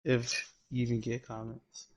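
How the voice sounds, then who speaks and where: A man's voice: mid-range voice, little pitch movement, unhurried. A man chatting casually off camera, stumbling and repeating himself as he talks. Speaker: friend off camera. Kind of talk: casual chat.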